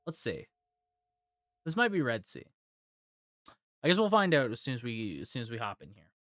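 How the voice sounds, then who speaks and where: A man's voice: mid-range voice, sing-song, moderate pace, fairly bright tone, no echo. Tired man rambling through a game stream. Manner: rambling, thinking aloud with restarts. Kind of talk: live gameplay commentary.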